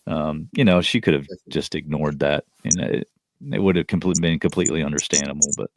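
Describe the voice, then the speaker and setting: A man speaking as a guest on a video call, earnest and a bit halting. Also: very deep voice, slight background noise. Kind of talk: casual memorial chat.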